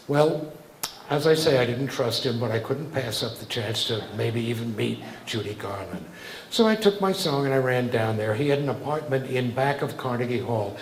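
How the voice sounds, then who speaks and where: A man's voice: medium pitch, lively intonation, moderate pace, reverberant, slight background noise, rough recording. An older man, a cabaret singer-songwriter, telling a wry, conversational anecdote between songs at a live venue.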